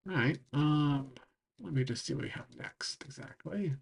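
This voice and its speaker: Streamer, male, rambling casual map recap with a rough, fry-laden voice that's wearing out. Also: medium pitch, normal speed. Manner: rambling, full of "like" and "um". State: losing his voice.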